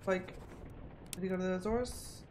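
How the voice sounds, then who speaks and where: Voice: mid-range voice, steady tone, normal speed, a little mellow, a little hiss or hum. A streamer thinking aloud while playing a mystery game, musing and often repeating themselves while puzzling things out. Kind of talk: casual think-aloud gameplay commentary.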